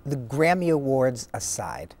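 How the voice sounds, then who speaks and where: A man's voice: medium pitch, very animated, a little slow, darkish tone. A male interviewer asking questions and agreeing with short interjections.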